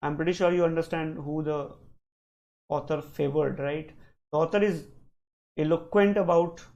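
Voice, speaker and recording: A man's voice: on the high side, darkish tone, poor audio. A man teaching a live online reading lesson, questioning his students and repeating points for emphasis. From India. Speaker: online exam-prep teacher.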